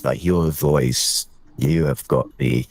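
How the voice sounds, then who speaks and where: A man's voice: a bass voice, slow pace, gravelly, a little mellow. A British man calling in to a livestream, rambling in slangy, crude, flirtatious banter. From Britain. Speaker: caller on a livestream.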